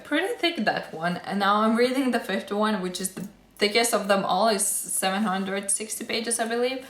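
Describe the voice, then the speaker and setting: A young woman talks casually to camera about the books she has read, chatty and gushing, leaning on "um" and "like." Her voice sits at an ordinary middle pitch. The sound bounces around an echoey room. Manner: chatty, gushing, filler words like "like" and "um". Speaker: book vlogger. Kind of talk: casual book review chat.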